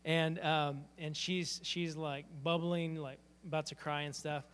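A fairly high-voiced man preaching in a church hall, his earnest, heartfelt words trailing off into a long hall reverb. He tells a personal story as a pastor, speaking plainly and sincerely. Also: level tone, a little slow, a bit bright, smooth.

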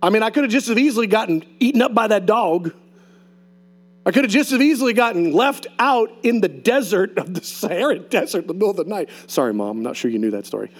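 High lively guy preaching, pastor telling stories, swings up and down a lot. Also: fast talker. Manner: animated storyteller acting out voices. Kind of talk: sermon with personal stories.

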